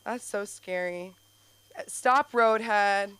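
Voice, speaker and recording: A woman's voice: medium pitch, slow pace, fairly bright tone, a little hiss or hum. A woman doing a rambling, profane, self-mocking stand-up set at an open mic. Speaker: stand-up comic. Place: comedy club stage.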